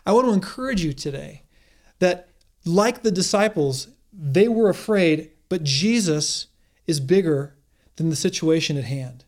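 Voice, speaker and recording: A man's voice: a little high, animated, unhurried. A man preaching a sermon in an earnest, encouraging way, often restarting his phrases. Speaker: pastor.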